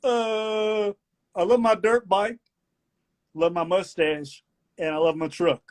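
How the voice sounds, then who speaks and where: Man putting on a country man, blustering, drawling, declaiming, a touch higher than his own voice. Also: fairly even intonation, slow. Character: blustering Southern country man giving a speech.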